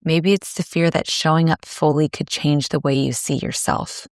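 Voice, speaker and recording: A woman hosting a solo podcast, speaking in a gentle, soothing, measured way with pauses. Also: low voice, fairly even intonation, no echo, studio quality. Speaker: podcast host. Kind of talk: reflective solo podcast monologue.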